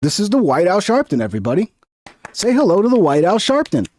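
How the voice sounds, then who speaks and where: A man's voice: high-pitched, wildly swooping pitch, fast, darkish tone. Fired-up sarcastic man ranting. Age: 30s or older. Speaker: reaction show host. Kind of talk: profane political reaction commentary.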